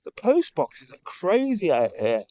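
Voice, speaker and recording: A man chatting to camera in an amazed, excitable way. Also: sits high, unhurried, muffled recording. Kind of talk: casual vlog chat.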